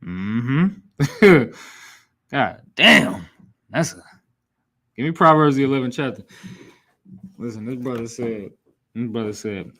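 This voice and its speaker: A man's voice: medium pitch, lively intonation, slow pace, long pauses, pushed and bright. Blunt, scolding male scripture teacher. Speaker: class instructor. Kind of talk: preaching scripture lesson.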